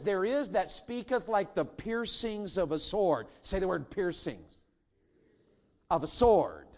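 Middle-aged guy preaching at a revival, kinda high voice, goes loud then real quiet, cracks jokes. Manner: swings from loud and emphatic to hushed and intimate, jokey asides. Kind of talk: sermon. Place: church sanctuary.

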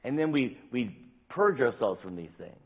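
Man preaching, husky tiring voice, animated, tinny lo-fi church recording. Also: medium pitch, normal speed. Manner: animated preaching, acts out scripture quotes. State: voice tiring, dry throat. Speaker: pastor. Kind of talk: sermon. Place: church sanctuary.

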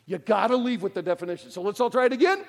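Animated, gravelly preacher. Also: male voice, high-pitched, rapid-fire, in a large hall. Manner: animated, folksy, pulls the crowd into call-and-response. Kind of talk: sermon. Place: church auditorium.

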